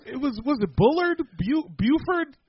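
A man's voice: extremely high pitch, moderate pace. A man hosting a podcast in casual chat, joking and swearing a lot. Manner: joking, profane, excitable. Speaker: podcast host. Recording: dull lo-fi sound with faint noise.

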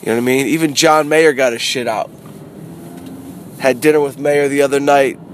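A middle-aged man, a comedian, talking casually in a car in a rambling, animated way that repeats phrases. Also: mid-range voice, moderate pace, long pauses. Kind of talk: casual car vlog monologue. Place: inside a parked car. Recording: noisy street ambience.

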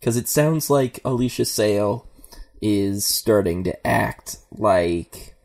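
A man's voice: fairly low pitch, animated, slow pace, gravelly, darkish tone. A man playing a tabletop role-playing game, musing aloud in casual chat with many fillers.

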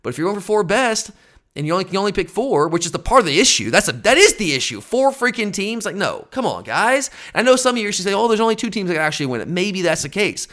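A man's voice: high-pitched, sing-song, fast, a bit bright. A man hosting a sports fan podcast, exasperated and emphatic as he rants about his team. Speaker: podcast host. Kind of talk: opinionated fan podcast rant.

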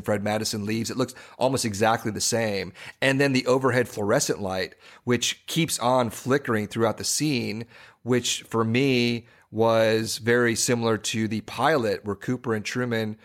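A man co-hosting a podcast in casual chat, rambling with frequent restarts and fillers. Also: fairly low pitch. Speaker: podcast co-host.

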